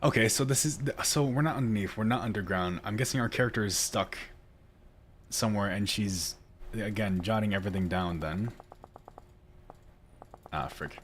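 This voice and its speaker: A man's voice: lowish voice, moderate pace, pauses often, slight background noise. A man hosting a video game let's play, reading story text aloud and chatting, laughing and stumbling over words as he reads. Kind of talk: casual gaming commentary and reading lore aloud.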